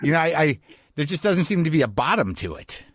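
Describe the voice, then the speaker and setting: A man's voice: a little high, very animated, a little fast, fairly bright tone, no room sound. Candid rambling male podcast host. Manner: rambling, restarts sentences, candid and reflective. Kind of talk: casual conversational monologue and interview.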